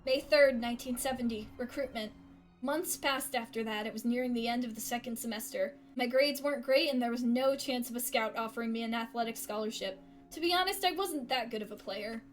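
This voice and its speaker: A woman streamer reading a story game aloud, expressive with gasping reactions. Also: on the high side, brisk, faint music behind. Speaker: gaming streamer.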